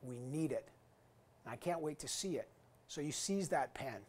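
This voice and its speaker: A man's voice: fairly high pitch, expressive, moderate pace, a little mellow. A man in his fifties giving an earnest, emphatic graduation address as an alumni guest speaker. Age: 50s. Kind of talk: recorded commencement address.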